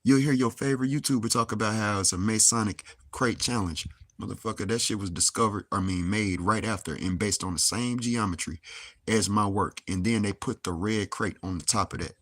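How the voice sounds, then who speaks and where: This young adult vlogger rants angrily to camera in a lowish, fairly bright voice, talking briskly. He curses heavily and throws out rhetorical questions, and the audio has no echo.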